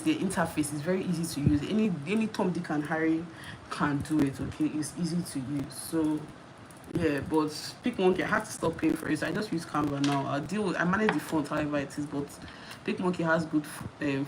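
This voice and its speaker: A Nigerian woman in her thirties chatting casually while answering viewer questions on a live stream, laughing often and repeating herself. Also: low voice. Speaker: YouTuber hosting a live Q&A. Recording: noisy live-stream audio.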